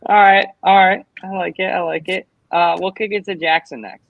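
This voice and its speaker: A man's voice: high-pitched, fairly even intonation, moderate pace, gravelly, no room sound, phone-quality sound. A man hosting a casual sports podcast, upbeat and easygoing, laughing along with his friends. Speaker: podcast host. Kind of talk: casual chat.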